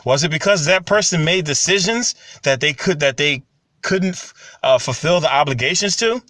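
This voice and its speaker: A man, talking casually and getting animated when he tells stories. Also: on the high side, normal speed, dry recording. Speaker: commentary channel host. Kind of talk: casual monologue to camera.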